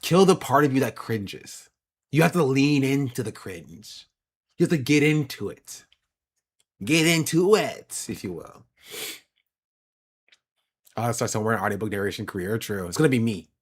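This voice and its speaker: A man's voice: mid-range voice, normal speed, pauses often, husky. A man streaming live, chatting casually and answering his viewers' questions. He laughs often and repeats phrases for emphasis. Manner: answers chat questions aloud.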